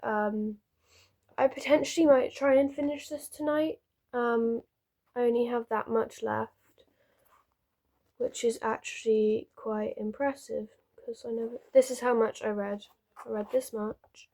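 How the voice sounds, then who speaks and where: A woman's voice: a little high, fairly even intonation, measured pace, mellow. A young woman chatting casually to the camera at home, rambling a little as she talks about her reading. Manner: rambling, chatty, self-interrupting. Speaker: reading vlogger. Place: at home, sitting on a bed with pillows.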